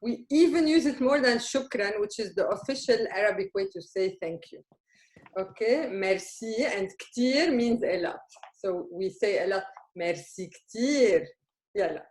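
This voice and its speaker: A woman's voice: mid-range voice, lively intonation, normal speed, a little mellow. A woman from Lebanon, teaching a beginner Arabic lesson and checking in patiently with her learners. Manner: patient and encouraging, checks in with "okay?" constantly. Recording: roomy room with faint noise.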